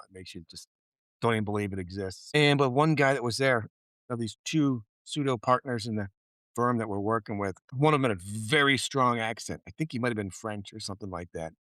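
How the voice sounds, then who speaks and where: Animated, swearing male podcast storyteller. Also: fairly low pitch, a little fast, no room sound. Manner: animated storyteller, swears freely, acts out quotes. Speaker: podcast co-host. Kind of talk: casual chat.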